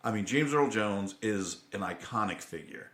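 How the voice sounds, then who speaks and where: A middle-aged man co-hosting a podcast, chatting casually and reflectively, getting animated when he recounts film scenes. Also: lowish voice, normal speed. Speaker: podcast co-host. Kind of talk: casual chat. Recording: roomy echo.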